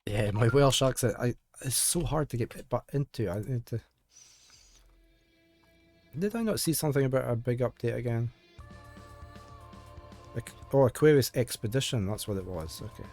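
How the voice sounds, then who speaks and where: A man's voice: mid-range voice, animated, normal speed, pauses often, a little mellow. A male streamer reading a visual novel aloud on a live stream, chatting casually between lines. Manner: casual, rambling asides with restarts. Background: game music.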